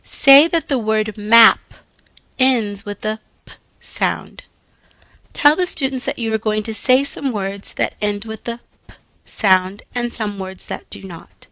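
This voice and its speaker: A woman reads out classroom instructions at an unhurried pace, sounding out each consonant with care. Her voice is bright and forward. The recording is dry and close, with no room sound. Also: medium pitch, dry recording. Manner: slow, deliberate, carefully enunciated. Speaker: teacher trainer reading instructions. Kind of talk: scripted instructional narration.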